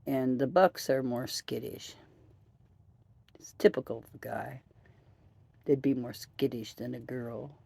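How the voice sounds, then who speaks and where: Tired, gravelly woman musing aloud. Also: rumbling low, fairly even intonation, a little slow, long pauses, warm tone, no room sound. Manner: rambling, musing, self-amused. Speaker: podcast host. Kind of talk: casual rambling chat. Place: outdoors at night by trees and floodlights.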